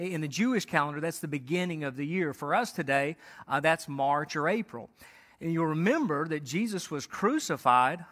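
A man's voice: a little high, fairly bright tone, long reverb tail. A pastor preaching a conversational sermon, often restarting his words and checking in with "right?".

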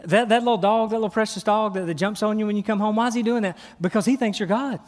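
A man's voice: high voice, quick pace, darkish tone. A middle-aged man preaching a sermon. He talks animatedly and acts out little scenes in his own voice. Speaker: pastor. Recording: long reverb of a church hall.

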